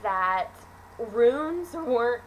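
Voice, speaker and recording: A woman's voice: a little high, lively intonation, extremely slow, a little hiss or hum, low-quality recording. A teenage girl casually reviewing a film, gushing and rambling with lots of fillers and restarts. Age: teens.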